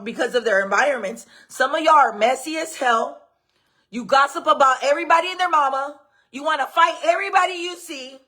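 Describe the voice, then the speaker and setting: A woman with a high, bright-pitched voice holds forth as host of her own commentary show. She talks brashly and swears freely in a slangy way, and she breaks into laughter often. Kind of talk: casual commentary monologue.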